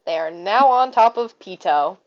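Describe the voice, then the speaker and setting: A woman's voice: medium pitch, expressive, normal speed, slight background noise. Woman game master, vivid descriptive narration, muffled lo-fi mic. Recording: dull lo-fi audio.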